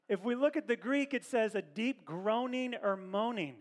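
High male voice, pastor, conversational sermon, animated, church setting. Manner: conversational, animated preaching with asides to the congregation.

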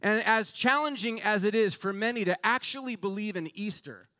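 A man's voice: high voice, normal speed, sharp tone. A man preaching an Easter sermon with fervent, building rhetorical emphasis. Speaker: pastor.

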